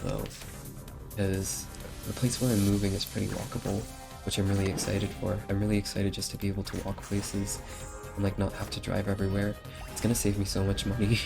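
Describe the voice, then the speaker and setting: A man's voice: fairly low pitch, vocal fry. A man chatting casually and rambling as he streams a game, with many fillers. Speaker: livestreamer. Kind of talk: casual chat while playing a game. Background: faint game music.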